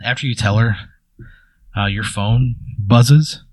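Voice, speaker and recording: A man's voice: medium pitch, slow, dry recording. A man narrating an improvised tabletop story as game master, in a casual, hesitant way. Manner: casual, hesitant, full of fillers.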